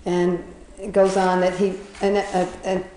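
A woman's voice: on the low side, completely flat delivery, moderate pace, warm tone, reverberant, slight background noise, rough recording. A woman casually retelling a children's fable, chatty, often laughing, with many fillers and restarts. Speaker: storyteller.

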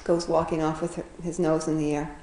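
A woman's voice: low-pitched, flat delivery, brisk, dark tone, a little hiss or hum. A woman casually retelling an animal fable, rambling with fillers and chuckling as she goes. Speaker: storyteller. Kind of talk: casual storytelling. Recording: roomy echo.

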